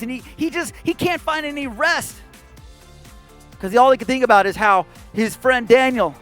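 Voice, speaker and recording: American guy doing kids church storytime, playful and animated, silly roars, some music low behind him. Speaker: children's pastor. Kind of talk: kids' Bible storytelling.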